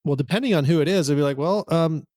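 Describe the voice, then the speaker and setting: A man's voice: fairly high pitch, lively intonation, racing, a little mellow, no echo, studio quality. A man co-hosting a podcast in casual chat, giving his opinions plainly and laughing easily. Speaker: podcast co-host.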